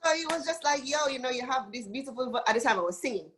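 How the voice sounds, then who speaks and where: A woman's voice: high voice, quick pace, a little hiss or hum. Jamaican woman telling her story. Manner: animated storytelling, acts out quoted voices. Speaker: dancehall singer guest. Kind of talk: casual interview chat.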